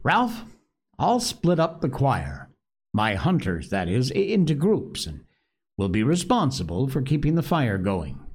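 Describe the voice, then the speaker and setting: A man's voice: mid-range voice, wildly swooping pitch, measured pace, darkish tone, breathy edge, exaggerated voice. A man reading aloud, voicing an arrogant, domineering boy who talks with contempt and force. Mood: self-assured.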